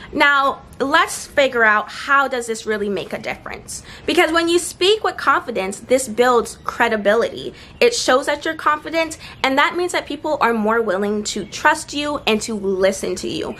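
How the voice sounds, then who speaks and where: With a high-pitched, expressive voice that's bright and forceful, a young woman gives speaking advice, and a little hiss or hum is audible. It's a casual outdoor vlog with seagulls nearby, and her tone is earnest and encouraging, slowing for emphasis.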